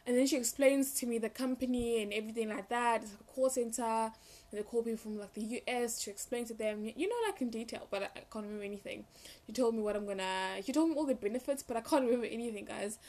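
A young woman telling a rambling, animated story in a casual vlog, full of fillers and restarts. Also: fairly high pitch. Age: young adult. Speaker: vlogger.

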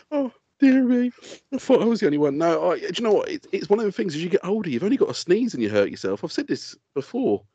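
Sweary, animated man ranting. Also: fairly high pitch, racing, hardly any pauses, husky, no room sound. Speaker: co-host. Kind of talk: casual comedy podcast chat. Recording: dull lo-fi, dry sound.

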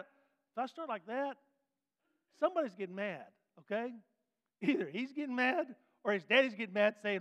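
A man teaching a Bible class in a folksy, animated way, putting questions to the class. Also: sits high, normal speed. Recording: dull sound with long hall reverb.

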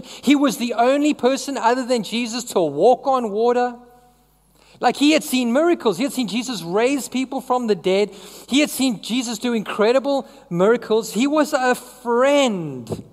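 A woman's voice: a little high, darkish tone, in a large hall. A woman preaching a sermon in a conversational way, often asking the congregation questions.

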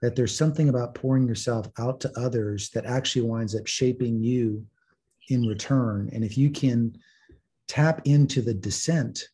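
A man's voice: mid-range voice, fairly even intonation, normal speed, mellow, breathy edge. A man hosting an interview, reflectively summarizing his guests' answers. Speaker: host. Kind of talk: interview conversation.

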